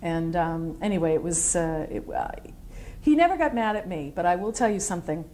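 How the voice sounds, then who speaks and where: Lively middle-aged woman telling war stories. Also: lowish voice, a little fast, slight background noise. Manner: animated storyteller, acts out quotes, digressive. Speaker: military veteran interviewee. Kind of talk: oral history interview.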